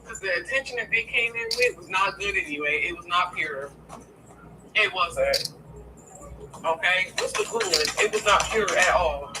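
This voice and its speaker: With music behind her, a woman with a lowish voice speaks at a moderate pace, offering viewers a profane, no-nonsense tarot reading. She repeatedly asks "okay?" to check in, and the far-off mic catches steady noise.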